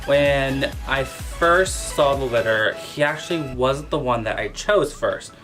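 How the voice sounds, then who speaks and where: A man vlogger telling a casual storytime about his pet, animated and full of exclamations. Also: mid-range voice, takes it slowly, soft background music. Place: at home with his cat.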